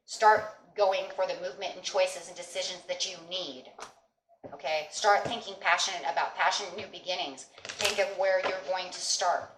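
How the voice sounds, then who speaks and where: A woman with a lowish voice reads tarot for her viewers in a casual, reassuring way, checking in with "okay?" again and again. She sounds like she is in an echoey room with a faint hiss behind her. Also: normal speed. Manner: reassuring, repetitive with frequent "okay?" and "you know". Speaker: tarot reader.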